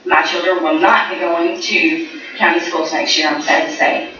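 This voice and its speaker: A mother in her thirties gives public comment to a school board, speaking earnestly and becoming emotional. Her voice sits on the low side with little pitch movement and a moderate pace. The recording from the large meeting room is echoey, distant and dull, with heavy background noise.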